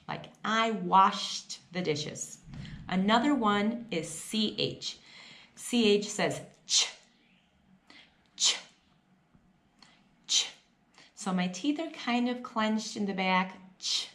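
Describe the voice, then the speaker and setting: A young woman teaching English pronunciation on camera. She models each sound slowly and often checks in with the learner. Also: mid-range voice, a bit bright.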